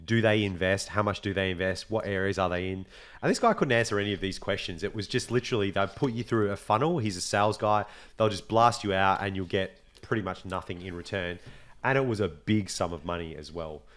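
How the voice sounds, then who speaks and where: A young adult man with an Australian accent, hosting a casual podcast chat, animated and swearing freely, with a slight cold. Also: deep voice, a little fast. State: has a cold. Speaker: podcast host.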